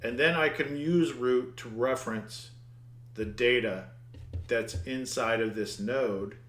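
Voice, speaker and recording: A man's voice: mid-range voice, slow, fairly bright tone, reverberant. Man muttering through a coding lesson. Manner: thinks aloud, mutters at the code, restarts words. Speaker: programming instructor. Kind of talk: screen-recorded coding lesson.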